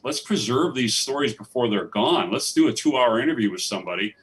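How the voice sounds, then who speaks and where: A documentary filmmaker with a mid-range, slightly bright voice tells stories in a live festival interview on a theatre stage. He rambles with eager enthusiasm and often restarts, captured by a distant mic in the theatre.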